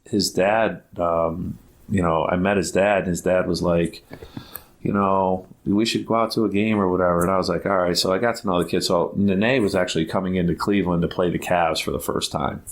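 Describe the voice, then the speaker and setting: Guesting on a podcast, a basketball academy founder from Ohio, a middle-aged man, rambles casually through a story, using "like" a lot, restarting often, and performing the quoted dialogue. His voice is deep, a little fast, and fairly even in intonation.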